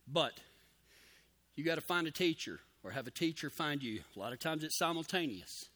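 A man's voice: on the high side, animated, normal speed, bright, forceful tone. A man preaching a sermon in a folksy, emphatic way, with cowboy slang and key phrases repeated for emphasis.

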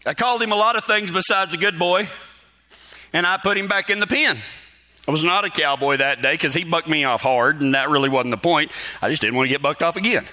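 Folksy preacher man with a sharp voice. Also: fairly high pitch, fairly quick. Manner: folksy, chuckling often as he tells a story. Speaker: pastor. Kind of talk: storytelling sermon.

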